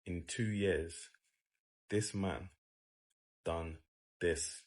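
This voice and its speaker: A man's voice: low-pitched, fairly even intonation, very slow. A man giving emphatic, laid-back opinion commentary.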